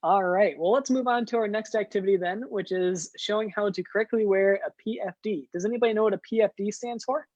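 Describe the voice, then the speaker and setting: A man's voice: sits high, quick pace, few pauses, darkish tone, dry recording, dull audio. A man hosting a scouting den meeting for young kids, upbeat and leading activities with frequent "uh" fillers.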